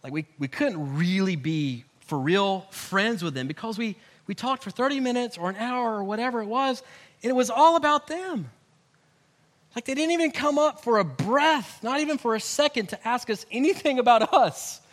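A middle-aged man, a married pastor, preaching a sermon with animated swings from hushed to loud as he acts out the voices he quotes. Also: very high-pitched, moderate pace.

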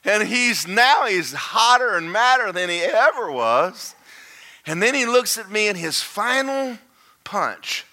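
Animated older preacher, bright lively voice. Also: male voice, high voice, slow. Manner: folksy, animated, laughing storyteller who builds to shouts. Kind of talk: sermon storytelling.

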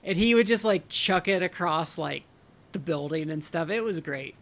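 A man's voice: on the high side, animated, moderate pace, a bit bright. A man in casual chat, rambling with lots of fillers.

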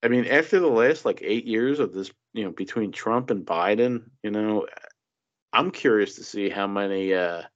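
A man talks in a loose political chat, slipping into mocking impressions and swearing freely. His voice sits fairly low, and the recording sounds dull and lo-fi. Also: normal speed. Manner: mocking, animated impressions, profane.

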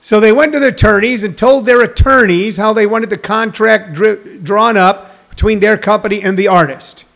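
A man's voice: sits high, moderate pace, vocal fry, hardly any pauses, a bit bright. A man in his sixties, a comedian, talking casually and jokily to viewers on a live stream, rambling through stories and news. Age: 60s. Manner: rambling, jokey, addresses viewers directly.

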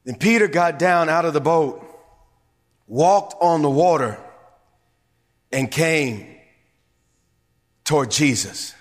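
A man preaching a sermon as bishop and pastor, swinging from hushed whispers to emphatic shouts. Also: on the high side, animated, slow, long pauses, long reverb tail. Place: church sanctuary.

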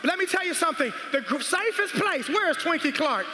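Male pastor, very high pitch, full-throated sermon shouting, echoey hall with audible room noise. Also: big pitch swings, fairly quick. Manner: shouting, call-and-response preaching. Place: large church hall.

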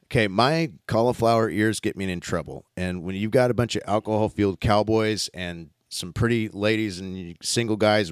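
A man telling a story in casual chat, animated and swearing often, acting out what others said. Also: on the low side, clean tone, no room sound, clean studio sound.

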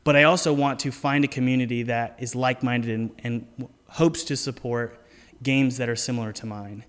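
A man's voice: medium pitch, fairly even intonation, normal speed. Earnest male podcast host with a hall reverb. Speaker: podcast host and indie game developer. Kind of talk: casual interview chat.

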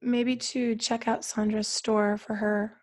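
A woman co-hosting a casual podcast chat, her voice scratchy and hoarse from a cold, talking in trailing restarts. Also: a little high, level tone, takes it slowly, darkish tone. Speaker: podcast co-host.

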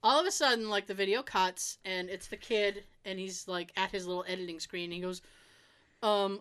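A woman chatting casually, telling an animated story, laughing often and acting out the people she quotes. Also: mid-range voice, normal speed, clear, resonant tone.

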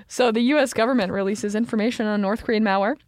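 A woman's voice: medium pitch, a little mellow, no room sound. Playful woman podcast co-host, dry sound. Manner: playful, punning, quick to laugh. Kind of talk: casual podcast chat.

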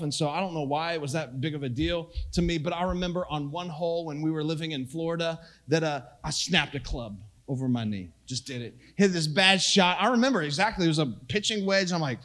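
This middle-aged male pastor delivers a conversational sermon in a casual, self-deprecating style, swinging between hushed and loud. His pitch is fairly high, and he talks briskly with hardly any pauses.

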